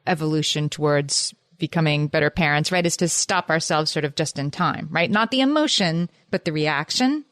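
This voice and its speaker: A woman hosting a podcast interview who speaks in a conversational way. Her voice sits lowish, and the sound is close and very dry. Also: normal speed, hardly any pauses, fairly bright tone, no room sound. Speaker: podcast host.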